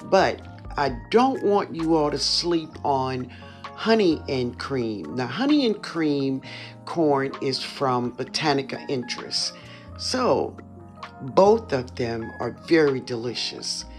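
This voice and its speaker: A home gardener and channel host from New Orleans, USA, with a matching accent, gives a casual, enthusiastic tour of their own backyard garden, often calling viewers "y'all." The voice is mid-range and sing-song, the pace slow, with faint music in the background.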